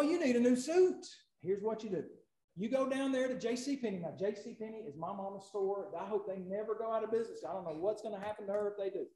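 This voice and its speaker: A man preaching a sermon. He tells folksy stories, repeats key points for emphasis and builds to loud, emphatic lists. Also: sits high, roomy sound, low-quality recording. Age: 40s. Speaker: pastor.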